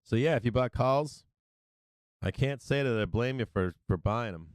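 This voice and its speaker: A man hosting a live stock market stream, giving brash, excitable trader banter as prices move. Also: medium pitch, normal speed, clean tone, no room sound. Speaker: stock market livestream host.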